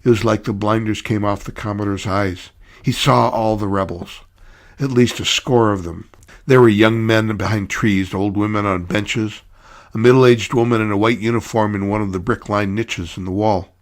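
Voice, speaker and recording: A man narrating a short story in a measured storytelling way. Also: on the low side, fairly even intonation.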